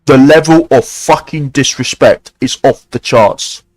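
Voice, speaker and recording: A man's voice: medium pitch, faint music behind, low-quality recording. A male streamer ranting angrily on a live stream, swearing often and stumbling through restarts. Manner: heated, swearing, halting with many restarts. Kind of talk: angry live-stream rant.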